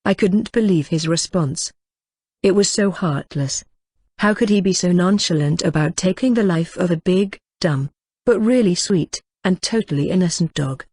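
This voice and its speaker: A woman narrating a first-person novel in a steady, even reading voice. Her voice sits on the low side and sounds close to the mic and dry, with no room echo. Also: moderate pace, breathy edge. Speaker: audiobook reader.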